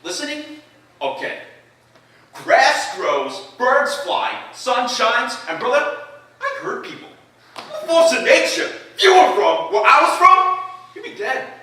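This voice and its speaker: A cocky young brawler with a Boston accent brags in a high, yelping voice. The sound is piercing, and it rings through an echoing hall, heard from far off. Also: male voice, sing-song, sharp tone, exaggerated voice. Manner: brash, fast-talking, boastful. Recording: echoey hall, mic far off.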